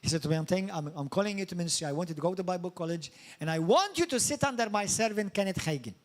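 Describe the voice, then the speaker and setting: Preaching very fast in a church hall, a middle-aged pastor from Malta speaks in a voice pitched high for a man. His sermon is animated, peppered with questions to the congregation and climbs into teasing, mock high-pitched voices.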